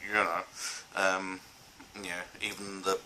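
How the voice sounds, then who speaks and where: Full of fillers and false starts, this enthusiastic vlogger wanders from idea to idea while casually reviewing a film. The recording is rough, with a faint hiss behind a somewhat low yet sharp, forceful voice that barely moves in pitch and runs a little slow.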